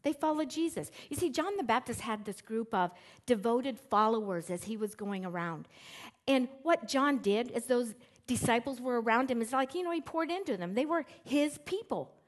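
A woman's voice: fairly high pitch, normal speed. A middle-aged woman preaching a sermon in a church, talking casually to the congregation and acting out the quotes she reads. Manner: conversational and animated, acts out quotes with shifting emphasis. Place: church sanctuary with screens.

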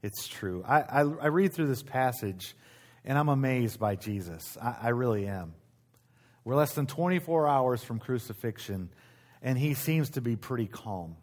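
A man's voice: mid-range voice, lively intonation, normal speed. A middle-aged man preaching a sermon as pastor, in a conversational way, repeating key phrases and restarting his sentences.

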